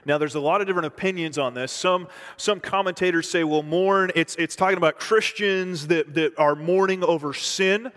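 A man preaching a sermon as pastor, swinging between loud emphasis and hushed, near-whispered lines. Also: a little high, normal speed. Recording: long reverb from a large hall.

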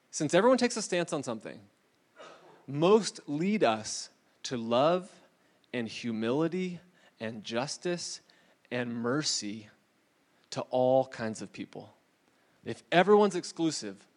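A man from California preaching a casual, conversational sermon to a congregation in the room, loose and chatty with lots of asides. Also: a little high. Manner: relaxed, chatty, many "like"s and asides. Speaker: pastor.

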